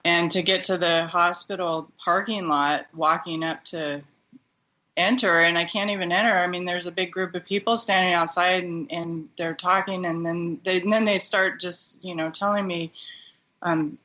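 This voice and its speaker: A woman guest telling a painful personal story in a halting, emotional way, with many restarts. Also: fairly low pitch, steady tone, pushed and bright, dull audio.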